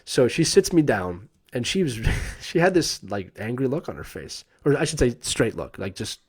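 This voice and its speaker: A man in his thirties tells a personal story on a live stream in a casual, animated way. His pitch sits in the middle but swings widely, and he slips into the voices of the people he quotes, often with a laugh. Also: moderate pace, slightly rough. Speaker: host telling a personal story.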